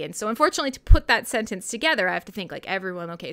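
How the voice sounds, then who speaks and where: A woman's voice: a little high, sing-song, fast talker, few pauses, pushed and bright. A woman from Canada hosting a casual internet radio livestream, chatting in a rambling way and laughing often. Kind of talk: casual livestream chat, reading chat questions.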